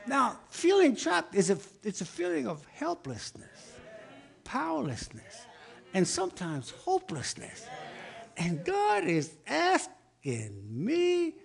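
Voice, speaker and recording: Male preacher, high voice, repetitive rhythmic build, shouts then hushes, sermon delivery. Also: wildly swooping pitch, slow pace, creaky. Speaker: pastor.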